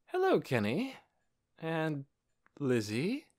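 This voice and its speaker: A man reading aloud and voicing a middle-aged village woman who is puzzled and stern, in a raised falsetto with a fussy, questioning manner. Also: huge pitch swings, slow, darkish tone, exaggerated voice.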